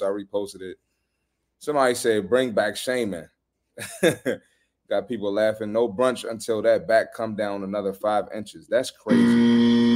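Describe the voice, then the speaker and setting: With a lowish voice, a fitness podcaster delivers blunt, energetic reaction commentary on social media posts, heavy on slangy trash talk.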